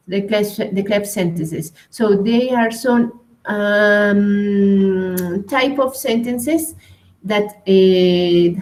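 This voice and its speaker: A woman whose first language is Spanish, teaching an English grammar class at a slow, hesitant pace and often checking in with "right?". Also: medium pitch, darkish tone, low-quality recording.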